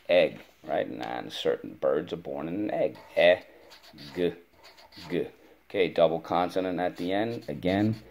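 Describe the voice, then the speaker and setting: Deep-voiced man teaching spelling. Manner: patient, encouraging, spells words out letter by letter. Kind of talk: spelling lesson for a child.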